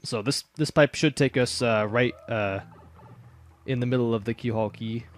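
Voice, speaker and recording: A man's voice: medium pitch, moderate pace. A man with a slight Southern US accent giving casual, rambling commentary over a game playthrough. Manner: rambling, many fillers and restarts. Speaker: let's player.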